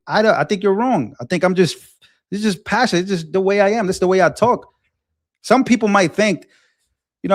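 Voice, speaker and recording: A man in his twenties hosting a livestream, talking in an impassioned, animated way and often repeating himself while answering chat. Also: fairly high pitch. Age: 20s. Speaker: livestream host.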